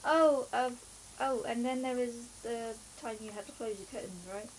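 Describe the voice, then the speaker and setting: A woman co-streamer chiming in quietly with short comments in a casual chat. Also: on the high side, moderate pace, rough recording.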